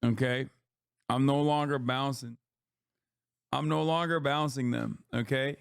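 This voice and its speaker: A man's voice: mid-range voice, fairly even intonation, a little slow, gravelly, clean tone, no echo, studio quality. A man hosting a live stream, reacting to news in a casual, profane, wry way. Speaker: streamer host.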